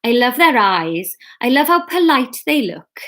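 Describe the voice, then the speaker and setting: A woman voicing a gushing, quick-tempered woman on a day out. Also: mid-range voice, lively intonation, close to an everyday voice. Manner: gushing, snappy.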